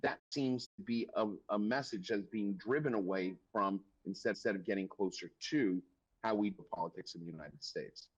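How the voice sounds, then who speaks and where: A man's voice: on the low side, normal speed, breathy edge, dull audio. A man, a policy analyst speaking live from a remote link, hesitant at first with fillers and restarts, then emphatic. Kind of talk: live interview commentary.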